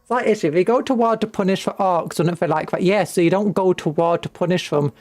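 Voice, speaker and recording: A woman's voice: on the low side, quick pace, darkish tone, no room sound. A woman from Britain streaming a strategy game, chatting playfully and humming to herself.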